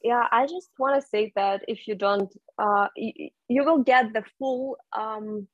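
A young woman from Russia, speaking English as an in a casual interview, halting with many fillers and restarts. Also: a little high, dry recording, dull audio. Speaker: guest.

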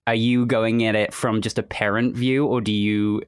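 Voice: medium pitch, little pitch movement, normal speed, smooth, no room sound. A podcast host who is also a voice actor, chatting casually with a guest, rambling with emphatic asides.

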